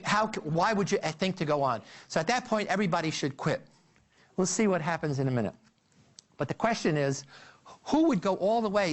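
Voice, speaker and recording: A man giving a psychology lecture, telling the story in an animated way with frequent restarts and fillers. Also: sits high. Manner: animated storytelling, addresses listeners as "you".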